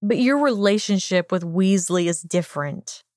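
A woman reading fan fiction aloud, voicing a possessive young man lover with a steady, low-key delivery. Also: moderate pace, dry recording, studio quality, close to an everyday voice. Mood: jealous.

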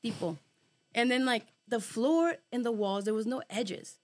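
A woman telling a long personal story in casual group chat, animated and full of swearing and fillers, dropping in bits of Spanish slang. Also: on the high side, a little slow.

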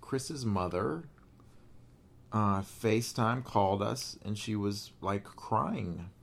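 A low-pitched man with a gravelly, creaky voice co-hosts a podcast in casual conversation. He speaks earnestly and with feeling, and his voice rises sharply when something moves him. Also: takes it slowly, fairly bright tone. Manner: emotional, earnest, voice rising when moved. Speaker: podcast co-host.

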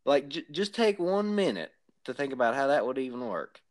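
A man playing a blustery Southern hillbilly podcast host with a drawling Southern accent and deliberately bad grammar. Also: medium pitch, big pitch swings, natural voice. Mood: rambling. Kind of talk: comedic character banter.

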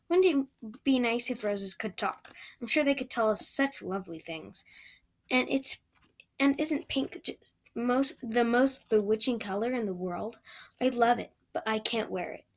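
A woman's voice: fairly high pitch, natural voice. A woman voicing a chatty, dreamy eleven-year-old red-haired girl who gushes in romantic chatter. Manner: breathless, gushing, romantic chatter.

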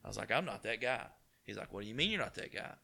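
A man from East Tennessee with a local accent, telling his career story in a folksy, animated way with quoted dialogue. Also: medium pitch, fast, creaky. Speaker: car dealership partner. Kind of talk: casual storytelling interview.

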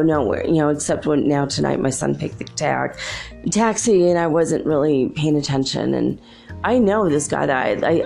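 Low gravelly woman telling rambling stories. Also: a little mellow. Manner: rambling, chatty, laughs often. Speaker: show host. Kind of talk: casual storytelling monologue.

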